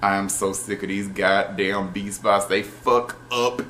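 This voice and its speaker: A man's voice: low voice, fairly even intonation, measured pace, pushed and bright, slight background noise, pitched below the performer's own voice. A man voicing a fed-up young woman who rants and curses about everything going wrong. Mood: ranting. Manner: ranting, profane outburst.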